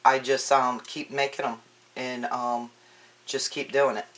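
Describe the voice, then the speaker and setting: Relaxed woman chatting through a craft demo. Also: extremely low pitch, measured pace. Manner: chatty, relaxed, frequent ums and restarts. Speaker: craft tutorial maker. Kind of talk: casual crafting tutorial.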